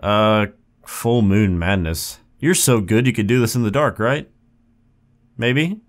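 A man's voice: on the low side, takes it slowly. A young man casually commenting on a video game as he plays, yelping and laughing at the mishaps and cracking wry jokes. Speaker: gaming YouTuber. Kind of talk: casual let's play commentary.

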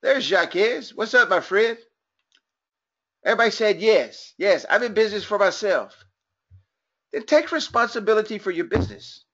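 A man's voice: high-pitched, sing-song, normal speed, long pauses, fairly bright tone, lo-fi sound. A man from Texas with a Texan accent running a motivational business training webinar, folksy and upbeat, joking and chatting with attendees.

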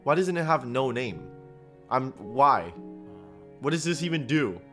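A young man giving excitable, slang-heavy reaction commentary on game clips, laughing often. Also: mid-range voice, measured pace, soft background music.

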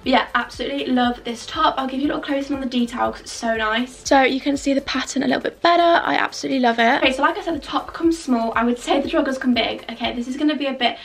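A young woman with a raised, gravelly voice gushes about clothes in a chatty, filler-heavy way. She sounds a little out of breath and sits back from the microphone, with faint music playing behind her. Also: sits high, fast talker, hardly any pauses. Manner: bubbly, gushing, chatty with many fillers. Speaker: fashion vlogger. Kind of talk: casual try-on haul chat. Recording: distant mic with faint background music.

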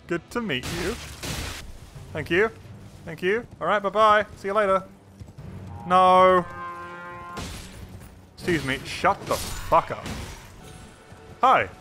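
Excitable swearing man streaming a game. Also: a little high. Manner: excitable, swears a lot, talks to game characters. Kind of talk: live gameplay commentary.

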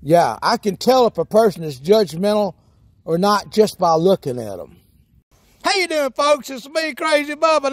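This man speaks high and very animated at a moderate speed, captured in clean studio sound with no echo. He's hosting a comedy sketch in the guise of a silly backwoods hillbilly, delivering a folksy, drawling monologue punctuated by hoots, cackles and whoops.

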